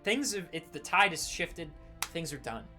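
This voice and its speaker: Casual game master with a bright voice. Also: male voice, fairly high pitch, sing-song, moderate pace, soft background music. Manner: casual, full of fillers and restarts. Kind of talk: narrating a tabletop game.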